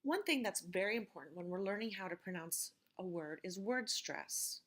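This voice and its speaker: A woman teacher giving a recorded vocabulary lecture and reading word lists slowly, stressing each syllable with care. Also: medium pitch, animated, a bit bright. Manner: slow, careful pronunciation drills.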